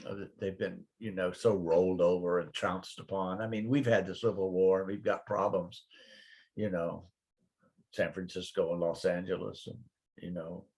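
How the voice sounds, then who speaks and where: A man's voice: low-pitched, normal speed, breathy edge. An older man, a guest minister, telling rambling stories in a casual spiritual chat. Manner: rambling, animated storytelling with put-on quoted voices.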